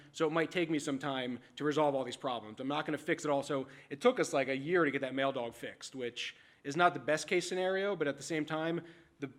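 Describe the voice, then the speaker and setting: A man giving a conference talk as an animal services manager, telling stories in a casual, frank, animated way. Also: medium pitch. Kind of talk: conference presentation. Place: conference stage.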